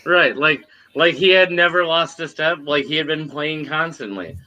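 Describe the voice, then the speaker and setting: A man co-hosting a podcast in casual chat over a video call, laid-back and joking, talking in quick bursts. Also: on the high side, bright, forceful tone, poor audio. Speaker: podcast co-host.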